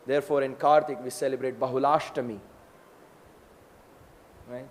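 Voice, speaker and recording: A man's voice: mid-range voice, a little slow, pauses often, long reverb tail. A man giving a scripture lecture, telling stories in a conversational way and often checking in with his listeners. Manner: storytelling, conversational with tag questions.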